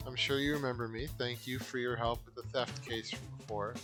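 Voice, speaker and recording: A man's voice: mid-range voice, fairly even intonation, brisk, close to an everyday voice. A man voicing a polite, worried male aquarium manager in a game, over game music. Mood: pleading. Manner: polite, pleading.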